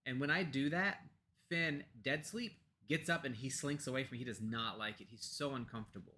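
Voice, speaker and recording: A man's voice: mid-range voice, brisk, slight background noise. An American man co-hosting a pagan discussion show, talking casually at his home computer with many fillers and restarts, and now and then turning aside to his pets. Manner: talks softly to pets off to the side. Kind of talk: casual chat.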